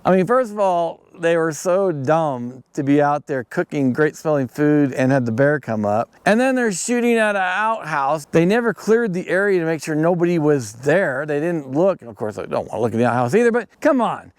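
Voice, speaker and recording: A man's voice: a little high, brisk, few pauses, smooth, no room sound, studio quality. A middle-aged man hosting a podcast, telling a story casually and getting worked up and exclaiming as he goes. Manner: animated, gets worked up and exclaims. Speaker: podcast host.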